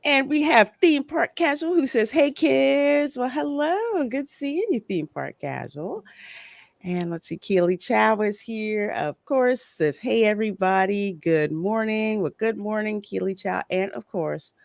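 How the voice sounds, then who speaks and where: A woman's voice: medium pitch, measured pace, gravelly, no room sound, studio quality. A woman hosting a casual livestream, greeting viewers and reading out their chat comments. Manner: warm greetings, animated. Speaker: host.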